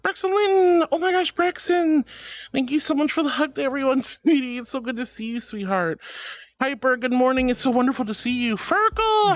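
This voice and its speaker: A woman's voice: high-pitched, animated, fairly quick, dry recording, soft background music. A woman streaming casually, greeting her chat in a bubbly, affectionate, giggly way. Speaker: VTuber streamer.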